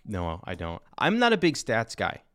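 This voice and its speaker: A man's voice: lowish voice, wildly swooping pitch, moderate pace, fairly bright tone, no echo, clean studio sound. A man in his thirties, a podcast guest chatting casually in a laid-back, rambling way. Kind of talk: casual chat.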